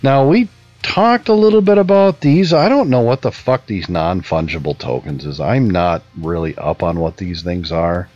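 A low-voiced man hosts a casual chat show and cracks sarcastic, profane jokes. The audio is dull and lo-fi, with faint music behind him. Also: moderate pace, a little mellow. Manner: swears a lot and jokes sarcastically. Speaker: podcast co-host.

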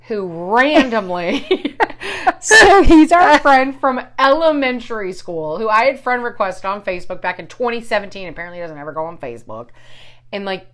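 A woman's voice: lowish voice, fairly bright tone. A woman in her forties telling a long, rambling personal story in casual chat, swearing often and restarting her sentences.

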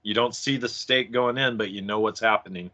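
A man's voice: lowish voice, steady tone, brisk, pushed and bright. A man co-hosting a casual comics chat, speaking enthusiastically and laughing easily. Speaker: podcast co-host discussing comics. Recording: dull lo-fi mic.

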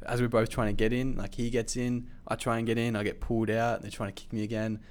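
A man telling a story in casual chat, animated and swearing freely, with lots of fillers. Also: mid-range voice, fast talker.

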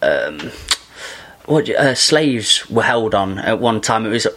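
A man's voice: fairly low pitch, very animated, slow pace, fairly bright tone. A man in casual podcast chat, an enthusiastic and rambling storyteller who laughs often.

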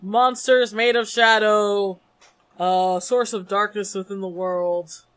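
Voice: medium pitch, fairly even intonation, slow pace, a bit bright. A player voicing a polite investigator who asks hesitant, formal questions. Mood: probing.

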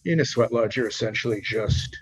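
A man's voice: lowish voice, fairly quick, slightly rough, soft background music, poor audio. A man being interviewed on a podcast, telling a long personal story in a rambling way with many restarts. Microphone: remote podcast mic.

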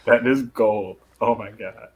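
A man co-hosting a casual podcast, relaxed and reacting to his partner. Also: on the low side, slow, husky. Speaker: podcast co-host. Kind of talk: casual chat.

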